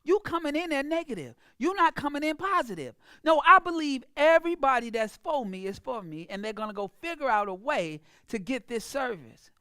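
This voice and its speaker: A woman coach gives a motivational sales talk in a high voice. She speaks emphatically and preaches at her listeners. The sound is close and dry. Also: very animated, brisk, hardly any pauses, bright, forceful tone, dry recording. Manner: emphatic, preachy, acts out clients in a mocking voice. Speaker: business coach.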